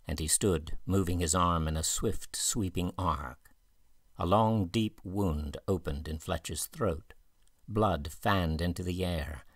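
A man narrating a southern gothic audiobook in an even, measured way. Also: low voice, no room sound, clean studio sound. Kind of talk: scripted narration.

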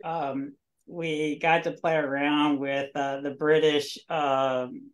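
A man's voice: a little high, level tone, takes it slowly. A middle-aged man, a guest author, telling stories in a casual interview with rambling asides and laughs mid-sentence.

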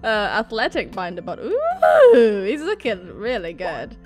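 A woman's voice: medium pitch, sing-song, moderate pace, faint music behind. A young woman giving casual, gushing commentary on a video game she plays, bubbly and often giggling. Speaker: let's play gamer.

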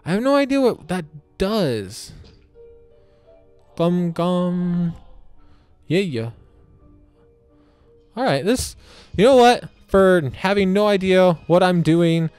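A man's voice: sits high, sing-song, slow, long pauses, darkish tone, faint music behind. A man giving casual, goofy commentary while playing a video game, talking to the enemies and cracking crude jokes. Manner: goofy, talks to enemies, silly voices and swearing. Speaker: gameplay commentator. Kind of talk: casual let's-play commentary.

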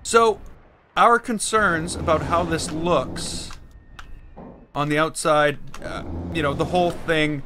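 Rambling Canadian gamer, noisy recording. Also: male voice, a little high, fairly even intonation, takes it slowly. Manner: chatty, rambling, easily frustrated. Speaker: gaming streamer. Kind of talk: casual let's-play commentary.

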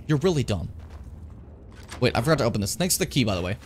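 Playing a fantasy RPG on stream, a man keeps up lively, joking commentary and talks directly to his chat. He has a mid-range voice and talks fast, and there's a little hiss or hum in the recording.

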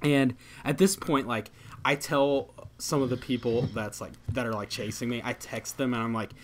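A young man hosting a podcast, telling a story in casual chat, animated and laughing, full of fillers. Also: medium pitch, normal speed, slight background noise. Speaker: podcast host.

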